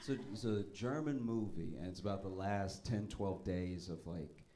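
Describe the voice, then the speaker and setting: A man performing a stand-up comedy set on a club stage, telling stories and pushing his voice loud and high for the punchlines, with the audience laughing. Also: moderate pace, a little hiss or hum.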